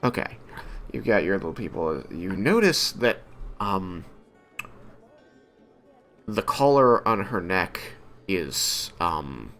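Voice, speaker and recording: Deep-voiced, lively game master man. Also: takes it slowly, pauses often, faint music behind. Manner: hesitant, filler-heavy, lively storytelling. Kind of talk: narrating a tabletop game.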